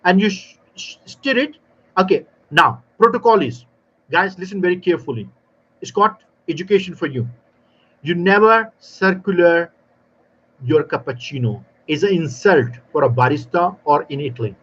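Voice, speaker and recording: A man talking as a guest expert in a live panel, telling lively stories and explaining in non-native grammar, often acting out little exchanges. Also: sits high, moderate pace, husky, dull audio. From South Africa. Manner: animated storyteller, non-native grammar, acts out dialogue. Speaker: barista trainer guest.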